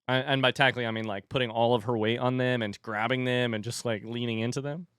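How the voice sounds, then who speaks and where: A man rambles casually to his livestream chat and reads viewer messages aloud, talking into a desk microphone. His voice is smooth and mid-pitched, and the sound is dry and close. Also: fairly even intonation, quick pace, a bit bright, no room sound.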